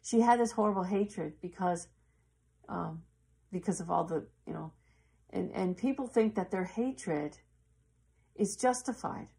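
Woman, gravelly voice, earnest, halting, casual storytelling. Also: lowish voice, dark tone. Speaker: yoga teacher.

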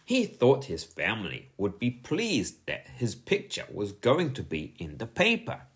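A man narrating a children's audiobook in an expressive storytelling manner. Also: lowish voice, a little slow.

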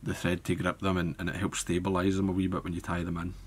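A man demonstrating fly tying step by step, talking in a relaxed way as he works with his hands. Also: deep voice, fast, a little hiss or hum. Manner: relaxed, thinking aloud while working with hands. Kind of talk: step-by-step tutorial narration.

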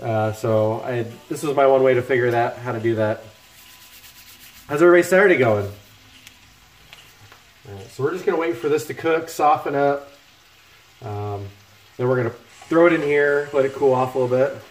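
A man's voice: mid-range voice, moderate pace, long pauses. A middle-aged man hosting a casual cooking livestream from his home kitchen, chatting and joking with viewers while he cooks. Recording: echoey kitchen with music playing. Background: music from laptop speakers, frying food.

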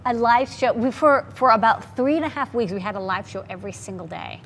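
Upbeat higher-voiced woman host from Boston. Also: fairly quick, fairly bright tone, slight background noise. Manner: upbeat and chatty. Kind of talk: casual live show chat.

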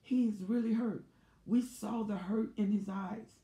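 A woman's voice: mid-range voice, steady tone, a little slow, warm tone, voice pushed up, natural voice. A woman voicing a flustered wife who pleads that she is innocent. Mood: pleading. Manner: pleading, protesting. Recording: echoey room.

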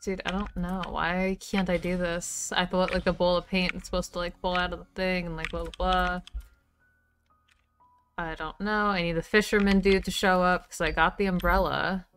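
Soft music plays behind a woman streaming a game, who keeps up casual chat, curses without restraint, and mutters to herself as she goes. She speaks at a moderate pace in a fairly low, level, slightly bright voice.

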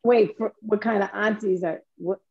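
A woman guest on a video call, joking and emphatic, quick to pile up repeated protests. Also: mid-range voice, steady tone, husky, dull audio. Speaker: guest dance artist. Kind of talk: casual chat on a video call.

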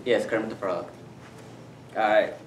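A man's voice: on the low side, steady tone, unhurried. A man chatting casually and a little unsure while co-hosting a challenge video. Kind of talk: casual chat. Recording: echoey room, far from mic, some noise.

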